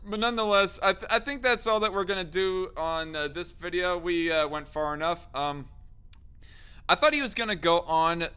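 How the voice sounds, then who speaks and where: A man's voice: high voice, normal speed, sharp tone, clean tone. A man hosting a casual live stream, often laughing as he reads chat comments aloud. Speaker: streamer host.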